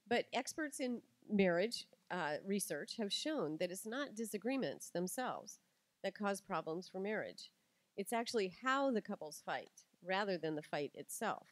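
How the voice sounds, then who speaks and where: A middle-aged woman giving a lively talk to an audience, telling stories and acting out quotes with animation. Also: mid-range voice, measured pace, dry recording. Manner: animated storytelling, acts out quotes.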